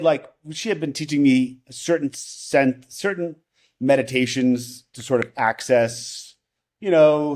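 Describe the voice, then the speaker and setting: A man's voice: mid-range voice, darkish tone. A man who is a podcast guest telling a personal story in casual conversation, rambling, restarting his sentences and often asking "right?".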